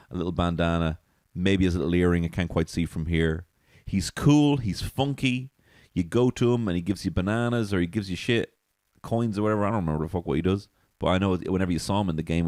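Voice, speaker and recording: A man's voice: sits low, no echo, clean studio sound. A man hosting a comedy podcast alone, rambling, swearing and laughing at his own jokes from a small alcove. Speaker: podcast host. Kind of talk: solo comedy podcast monologue.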